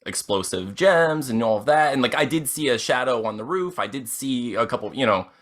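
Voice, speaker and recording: A man's voice: medium pitch, expressive, fairly quick, a bit bright. A man playing a tabletop game, rambling with fillers and frequent laughs. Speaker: player. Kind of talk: casual tabletop role-play.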